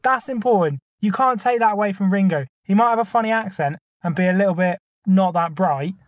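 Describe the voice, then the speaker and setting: A podcast co-host with a high voice chats casually but argues his case, laying it out in numbered points. He speaks fairly quickly, and the recording is studio quality with no room sound.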